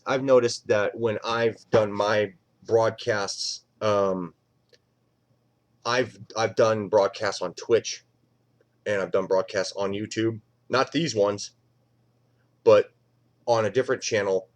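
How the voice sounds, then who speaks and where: A middle-aged man with a fairly low voice talks loosely on a home live stream. He rambles, swears freely and jumps between thoughts. He falls into quick, heated voices whenever he retells what someone said. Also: fairly even intonation. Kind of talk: casual live-stream chat.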